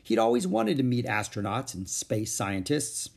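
A man narrates a children's storybook in a gentle, expressive way. His voice is gravelly and a little husky, and its pitch moves a lot. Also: moderate pace. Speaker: audiobook reader. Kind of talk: storybook read-aloud narration.

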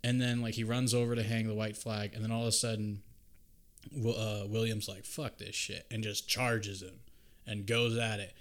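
A man's voice: on the low side, flat delivery, moderate pace. A young man co-hosting a podcast, recapping a film in casual, rambling chat full of swearing and jokes. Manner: profane, rambling, jokey. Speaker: podcast co-host.

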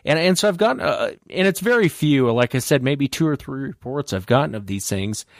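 A man hosting a podcast, chatting casually and retelling a listener's account with lively energy. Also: mid-range voice, brisk, dry recording, clean studio sound. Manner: animated retelling of a caller's story. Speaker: podcast host. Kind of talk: casual interview chat.

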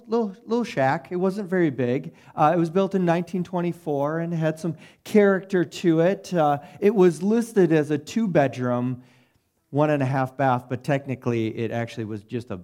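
Middle-aged male pastor, slightly higher voice, conversational sermon storytelling, self-deprecating. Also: a little mellow. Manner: conversational, self-deprecating, asks the congregation "right?".

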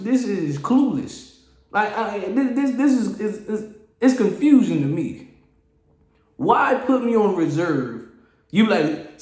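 A man hosting a solo podcast, ranting in an animated, exasperated way and often repeating and restarting his phrases. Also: high voice, echoey room. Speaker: podcast host. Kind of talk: casual solo podcast rant.

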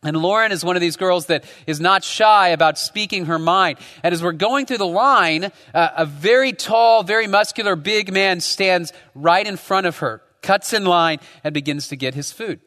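A man's voice: sits high, normal speed, hardly any pauses, sharp tone, in a large hall. A man preaching a sermon as pastor, talking conversationally and often tagging his points with rhetorical questions. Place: church.

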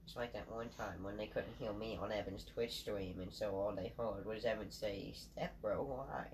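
A soft-spoken man co-hosting a podcast in casual, dry back-and-forth. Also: fairly low pitch, steady tone, moderate pace. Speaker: podcast co-host. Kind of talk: casual banter. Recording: noisy background hiss.

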